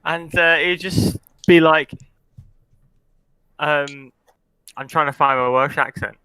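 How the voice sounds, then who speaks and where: A man's voice: fairly high pitch, takes it slowly, pushed and bright, clean tone, dry recording, low-quality recording. A man playing a tabletop game, joking and self-conscious. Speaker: player. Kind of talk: casual tabletop play.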